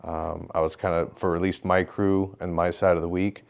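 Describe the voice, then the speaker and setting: A man with a very low voice talks as a podcast guest about his work as a sheriff's deputy. He speaks hesitantly, pausing on frequent "um"s, in a quiet, reflective way. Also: level tone, vocal fry. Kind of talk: casual podcast conversation.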